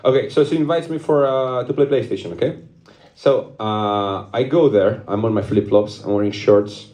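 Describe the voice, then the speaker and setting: A man's voice: mid-range voice, moderate pace, a little mellow, reverberant. Rambling young man doing stand-up. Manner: rambling storytelling, laughs at own jokes, casual swearing. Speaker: stand-up comedian. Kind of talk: stand-up comedy set.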